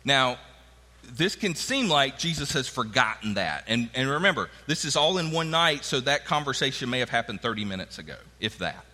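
A man's voice: medium pitch, big pitch swings, moderate pace, sharp tone, in a large hall. A man preaching a sermon in a conversational way, acting out the quoted lines of the people in his stories. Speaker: pastor.

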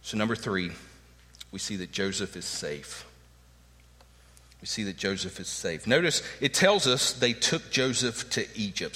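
Bright-voiced preacher in a big hall. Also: male voice, on the low side, lively intonation, normal speed. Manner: emphatic preaching, acts out quoted lines. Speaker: pastor. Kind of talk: sermon.

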